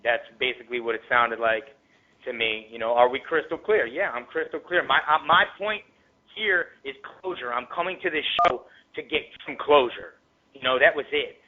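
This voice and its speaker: A man's voice: medium pitch, moderate pace. Rapper interview guest from the Tampa Bay area, a man with a mid-range voice, heated profane storytelling, phone-quality audio. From Tampa Bay area, Florida. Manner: heavily profane, streetwise slang; grows heated and louder. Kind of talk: casual storytelling. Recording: tinny phone-line recording.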